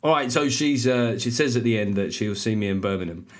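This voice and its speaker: A man's voice: mid-range voice, lively intonation, brisk. A man hosting a comedy podcast alone, rambling, swearing and mocking himself. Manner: rambling, sweary, self-deprecating. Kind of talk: solo comedic podcast monologue.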